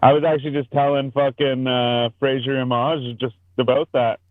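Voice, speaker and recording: A man's voice: medium pitch, flat delivery, moderate pace. A man rambling through a long, profane story as he hosts a casual podcast chat. His voice comes through a thin, phone-like video call line. The sound is dry, with no room echo. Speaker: podcast host.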